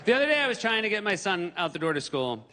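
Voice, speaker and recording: A man in his forties from New Hampshire doing animated stand-up comedy on a theater stage. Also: sits high, fast, a little hiss or hum. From New Hampshire, USA. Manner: animated, breaks into yelled impressions. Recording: stage mic in a reverberant hall.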